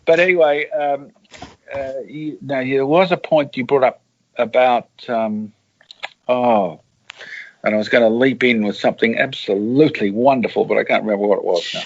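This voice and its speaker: A man's voice: medium pitch, steady tone, moderate pace, muffled recording. An Australian man, an author and journalist, telling rambling anecdotes in a casual interview over a call.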